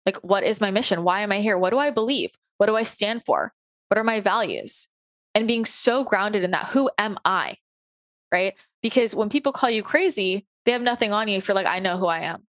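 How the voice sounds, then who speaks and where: A woman's voice: medium pitch, lively intonation, fairly quick, no room sound. A woman hosting a podcast from home, talking earnestly and casually with lots of "like" and "right?". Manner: earnest, chatty, many fillers like "like" and "right?". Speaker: podcast host. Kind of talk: casual spiritual podcast monologue. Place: home office. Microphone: home recording on a computer.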